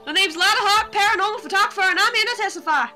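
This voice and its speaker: A woman voicing a brash, folksy woman photographer in a video game, with a put-on Southern US drawl, hollering loudly. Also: very high voice, rapid-fire, soft background music, pitched above the performer's own voice, full character voice.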